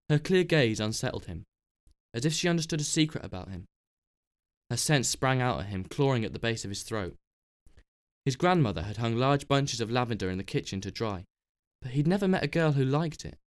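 A man narrating a novel in a measured, even storytelling manner. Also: medium pitch. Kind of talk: scripted narration.

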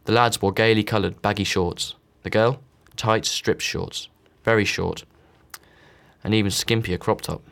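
A man reads a novel aloud in a low, steady voice. He gives each character only a slight change of voice. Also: unhurried, creaky. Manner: reads all characters with small voice shifts. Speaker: audiobook narrator. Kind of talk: scripted narration.

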